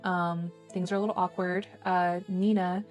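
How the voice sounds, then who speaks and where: A woman's voice: fairly low pitch, little pitch movement, moderate pace, darkish tone, soft background music. A young woman co-hosting a casual book podcast, retelling the plot at length and slipping into the characters' lines. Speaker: podcast co-host.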